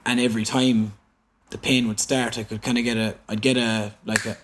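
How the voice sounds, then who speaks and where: A man in his thirties with a Cork Irish accent, telling a personal story openly as a podcast guest, halting and full of fillers. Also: medium pitch, level tone, fairly bright tone. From Ireland. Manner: open, halting, repeats himself with many fillers. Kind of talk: candid storytelling. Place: indoor room in San Francisco.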